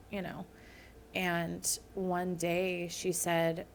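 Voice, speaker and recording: A woman's voice: lowish voice, normal speed, creaky. A woman in her thirties, a podcast guest, speaking earnestly about her own life in a candid interview. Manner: earnest, personal storytelling. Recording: faint background noise.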